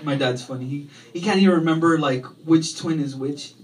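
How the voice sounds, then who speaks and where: A man's voice: fairly high pitch, brisk. A male stand-up comedian doing a rambling, self-deprecating set and riffing on the crowd, on a comedy club stage. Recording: far from the mic, loud crowd laughter.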